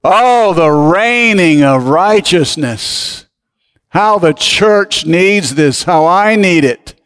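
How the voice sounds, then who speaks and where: Male pastor, slightly high voice, very slow deliberate sermon delivery, long hall reverb. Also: lively intonation, a bit bright, smooth. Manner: slow, emphatic preaching with call-and-response.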